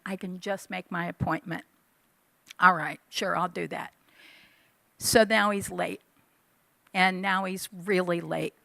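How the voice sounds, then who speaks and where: A woman in her fifties giving a sermon, telling a personal story with animated delivery and acting out her own past lines. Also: mid-range voice, creaky, no room sound. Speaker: church speaker. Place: church hall.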